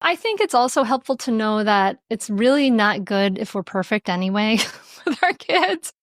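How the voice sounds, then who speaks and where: Gentle, reflective woman podcast guest. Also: fairly high pitch, sing-song, normal speed, dry recording, studio quality. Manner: reflective, gentle, laughs lightly while explaining. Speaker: podcast guest, parenting author and mindfulness mentor. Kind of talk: podcast interview.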